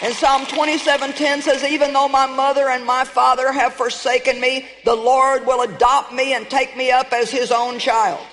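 Woman, preacher, emphatic sermon, very high voice, long hall reverb. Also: flat delivery, normal speed, few pauses, fairly bright tone, slight background noise. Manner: emphatic, calls out to the audience with rhetorical questions.

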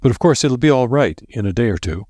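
A man's voice: on the high side, expressive, quick pace, a little mellow, clean tone, no room sound, clean studio sound, voice pushed up, lightly acted. A man reading aloud, voicing a shell-shocked, hysterical man with a quivering, whimpering voice. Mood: shaky. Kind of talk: audiobook character voice.

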